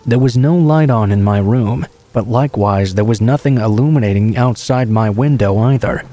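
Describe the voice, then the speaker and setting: Man, mellow dark tone, calm even delivery, horror story narration. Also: medium pitch, normal speed. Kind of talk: scripted narration of true horror stories.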